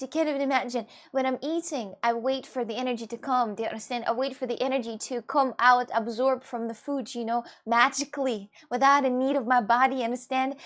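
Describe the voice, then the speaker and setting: High-voiced woman chatting to viewers. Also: steady tone, fairly quick, hardly any pauses, a bit bright. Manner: rambling, restarts, swings into mock outbursts. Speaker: live streamer. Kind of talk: casual chat with viewers.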